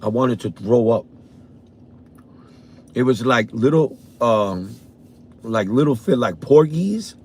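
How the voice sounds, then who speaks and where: A man with a New York accent, a vlogger telling a profane, animated story from his car on a morning drive. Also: medium pitch, slow pace, long pauses, slightly rough. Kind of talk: casual storytelling.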